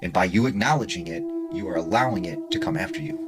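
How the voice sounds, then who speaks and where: A man narrating a spooky true story in a hushed, dramatic way with casual fillers. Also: low-pitched, wildly swooping pitch, fast talker, few pauses, over loud music.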